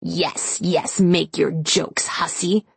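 A woman's voice: lowish voice, little pitch movement, takes it slowly, gravelly, breathy edge, dry recording, exaggerated voice. A woman doing a sour, witchy old grandmother. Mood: sour grumbling. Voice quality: muttering, sour. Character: cranky old grandmother werewolf, witchy and grudging.

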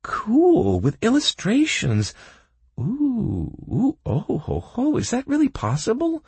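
A man putting on a shrill excitable girl. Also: moderate pace, creaky, breathy edge, no echo, heavily acted. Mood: gushing. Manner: indignant, squealing. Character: excitable young female adventurer.

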